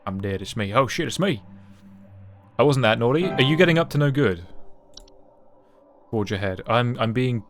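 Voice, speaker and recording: A man's voice: mid-range voice, lively intonation, moderate pace, pauses often, faint music behind. Swearing young man streaming a game. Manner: thinks aloud, swears, reads riddles aloud. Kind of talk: casual game commentary.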